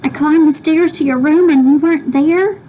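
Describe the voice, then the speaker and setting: A woman's voice: high voice, moderate pace, warm tone, slight background noise, pitched above the performer's own voice, lightly acted, rough recording. A woman reading an anxious, pleading mother. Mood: anxious, tender. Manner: pleading, emotional.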